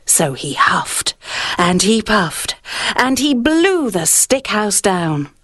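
A woman's voice: medium pitch, big pitch swings, takes it slowly, a bit bright, no echo, studio quality. A woman reading a children's story aloud in a sing-song storytelling manner on a kids' radio show.

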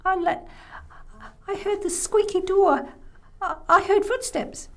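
Storyteller woman as a jumpy little boy, high-pitched and pleading, story voice with lively swoops. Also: measured pace, heavily acted. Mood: insistent. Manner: high, breathless protests. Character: young frightened boy insisting he is brave.

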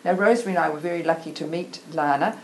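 A woman's voice: deep voice, rapid-fire, a little mellow, low-quality recording. A woman introducing the guest speaker at a meeting, talking in a casual, hesitant way. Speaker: event host introducing speaker.

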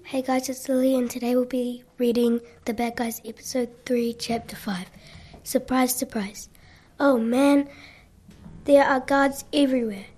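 A woman reading a children's book aloud in a lively way, acting out the characters' lines. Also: high voice, a little slow. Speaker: story reader.

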